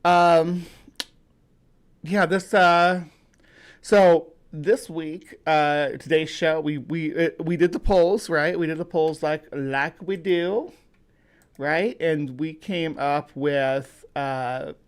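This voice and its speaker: Casual male livestream host from the US, a touch higher-pitched than most men, meandering and halting, full of ums and restarts. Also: clear, resonant tone. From United States. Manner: rambling, halting, many fillers and restarts; greets viewers by name.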